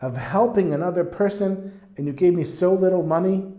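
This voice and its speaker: A man's voice: mid-range voice, moderate pace, a little mellow, natural voice. A man voicing an old, humble holy rabbi who pleads with emotion, close to tears. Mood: tearful pleading. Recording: roomy echo.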